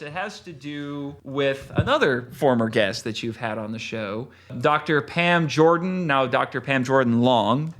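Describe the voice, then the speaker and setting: A man's voice: medium pitch, a bit bright. A man, an author, reading his own novel aloud expressively and then chatting casually as a podcast guest.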